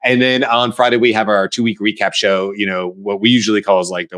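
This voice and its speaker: A middle-aged American man co-hosting a casual panel discussion, animated and acting out quoted voices. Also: lowish voice, fast. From United States. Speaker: co-host.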